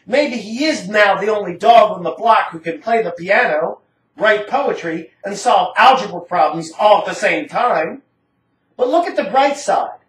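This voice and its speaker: A woman giving a dramatic first-person story reading in a rambling, casual, slangy manner. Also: medium pitch. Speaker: narrator. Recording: roomy, distant from the mic.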